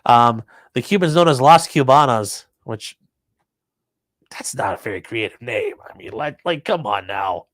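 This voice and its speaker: Male stream host, mid pitch, crude offhand humor, close dry sound. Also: expressive, measured pace, a bit bright, no room sound. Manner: offhand, crude jokey asides. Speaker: livestream host reading chat. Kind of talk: casual livestream commentary.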